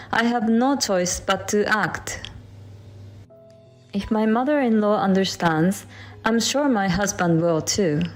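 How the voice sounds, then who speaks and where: A woman reading a first-person story as scripted narration in an earnest, steady way. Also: medium pitch.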